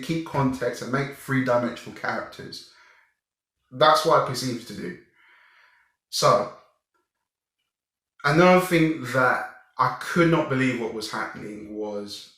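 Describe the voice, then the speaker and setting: A young man reviewing a film in a casual, animated way, often restarting his sentences and sounding exasperated. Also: medium pitch. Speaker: movie reviewer. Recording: very echoey room.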